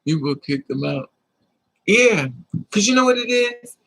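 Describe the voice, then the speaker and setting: Sassy husky-voiced woman chatting on a livestream. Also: medium pitch, expressive, a little slow, fairly bright tone, poor audio. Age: middle-aged. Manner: sassy and emphatic, repeats lines, calls listeners honey. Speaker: livestream host. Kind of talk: casual livestream chat.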